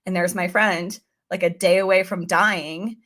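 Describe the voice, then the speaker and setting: A woman's voice: lowish voice, fairly even intonation, measured pace, a bit bright. A woman guest on a podcast, telling a personal story in an earnest, chatty way and acting out her own past thoughts.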